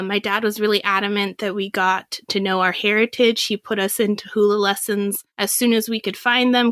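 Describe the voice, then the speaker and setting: A woman's voice: medium pitch, no echo, studio quality. A woman in her thirties from Washington State, a podcast guest telling personal stories, acting out what people said and laughing often. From Washington State, USA. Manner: lively, acts out quoted voices, laughs often. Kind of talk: candid personal storytelling.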